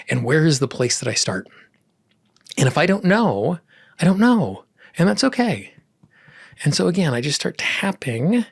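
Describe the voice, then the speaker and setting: Male podcast host, husky and reflective, calm teaching monologue, dry close sound. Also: no room sound. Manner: calm, reflective, drops soft and low on key words.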